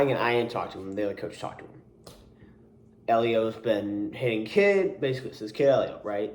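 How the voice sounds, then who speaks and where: A man's voice: medium pitch, slight background noise. A young man who works as a camp coach, telling a story in a casual vlog, rambling with many restarts and asides and sounding exasperated. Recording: roomy echo.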